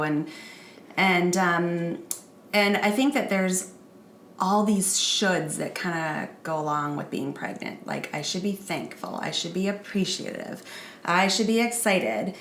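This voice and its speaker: A woman's voice: on the low side, moderate pace, fairly bright tone, a little hiss or hum. A woman co-hosting a casual podcast chat, talking in an upbeat, emphatic way. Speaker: podcast co-host. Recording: echoey room with faint music.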